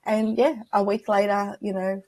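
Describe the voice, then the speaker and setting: A woman's voice: medium pitch, flat delivery, normal speed, darkish tone. A woman guest on an interview show, a spiritual medium telling personal stories in a chatty, reflective way and acting out the dialogue she remembers. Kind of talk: casual interview storytelling.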